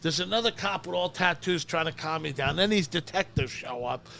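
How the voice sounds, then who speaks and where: Gravelly, bright-voiced New Jersey man. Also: fairly high pitch, fairly quick. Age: middle-aged. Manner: animated, acts out the voices in his stories, frequent swearing. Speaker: podcast guest, storyteller. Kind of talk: profane casual storytelling.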